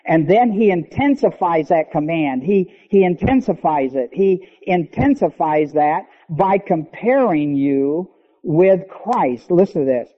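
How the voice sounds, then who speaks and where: A man preaching a sermon, teaching emphatically and slowing down to stress key words. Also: on the high side, lively intonation. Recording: long hall reverb, dull lo-fi sound.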